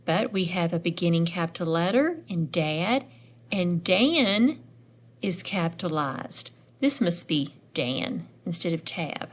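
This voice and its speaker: A middle-aged woman teaching a phonics lesson to young readers, sounding out letters and words one by one and asking encouraging questions. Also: lowish voice.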